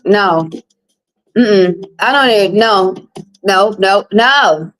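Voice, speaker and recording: A woman's voice: on the high side, expressive, measured pace, long pauses, rough recording. Blunt woman, casual live-stream tarot reader talking straight to her chat.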